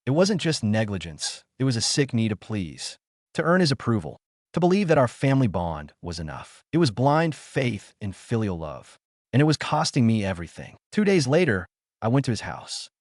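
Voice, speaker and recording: A man's voice: mid-range voice, sing-song, normal speed, darkish tone, no room sound, studio quality. A man narrating a scripted first-person story in a bitter, emotional, dramatic way.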